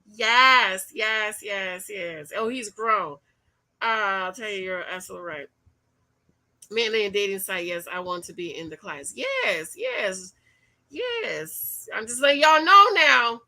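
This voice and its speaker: A middle-aged woman hosting a casual livestream about dating, reading viewer comments, animated and repeating her points in slang. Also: mid-range voice, slow. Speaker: livestream host and dating coach.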